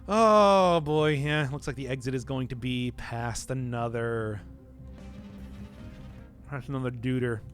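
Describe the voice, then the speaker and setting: A man's voice: medium pitch, a little slow, long pauses, a bit bright, soft background music. A young man streaming a video game, chatting casually, answering chat and laughing at himself often. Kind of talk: casual gameplay commentary.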